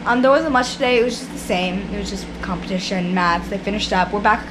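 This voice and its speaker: A hoarse young woman from Canada, chatting casually to camera as a vlogger, rambling with lots of fillers. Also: mid-range voice, brisk, noisy background. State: hoarse, losing her voice. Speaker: vlogger and karate competitor. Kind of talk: casual vlog chat to camera. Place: hotel room.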